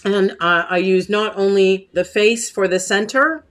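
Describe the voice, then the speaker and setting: A woman's voice: mid-range voice, measured pace, few pauses. Woman, craft stream host, chatty and casual, talks to viewers, throat catching now and then. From United States. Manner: chatty, warm asides to viewers, many fillers. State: clearing her throat often. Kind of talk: casual live craft demo, reading chat comments.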